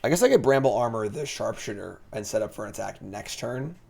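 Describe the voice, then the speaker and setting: A man streaming a digital card game, thinking aloud in a relaxed, chatty commentary. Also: on the low side, a little fast, vocal fry, slight background noise.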